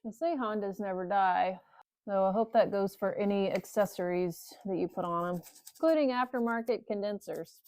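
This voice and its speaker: A woman's voice: mid-range voice, normal speed, darkish tone, no room sound. A woman talking to the camera while she works on a motorcycle in a cold garage. Her hands are cold, and she mutters, curses and jokes sarcastically to herself. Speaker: motorcycle vlogger. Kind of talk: casual talk-to-camera while working.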